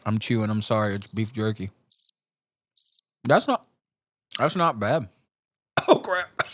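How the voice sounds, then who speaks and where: A man's voice: lowish voice, sing-song, slow pace, very noisy. A man co-hosting a podcast in casual chat, taste-testing snacks and talking straight to his listeners. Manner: chatty, addresses listeners directly, runs the segment. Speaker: podcast co-host. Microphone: podcast microphone with noise gate. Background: faint background music.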